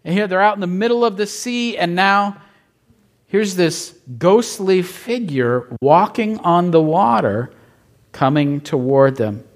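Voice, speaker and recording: A man's voice: sits high, animated, a little slow. A middle-aged male pastor giving a conversational sermon in a church, often asking his listeners questions and laughing lightly.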